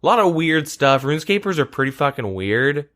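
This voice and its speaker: A man's voice: fairly high pitch, very animated, fairly quick, fairly bright tone. A man chatting loosely on a podcast, his sentences wandering and packed with filler words. He swears offhandedly and circles back on himself as he goes. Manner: rambling, filler-heavy, swears casually. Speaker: podcast host. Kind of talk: casual chat.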